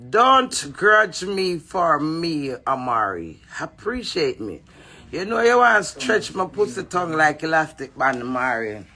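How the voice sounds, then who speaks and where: A woman with a Jamaican accent ranting at a rival to camera, brash, profane and mocking, breaking into sudden loud cries. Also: deep voice, creaky, slightly rough. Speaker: entertainer addressing a rival. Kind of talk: rambling taunting rant to camera.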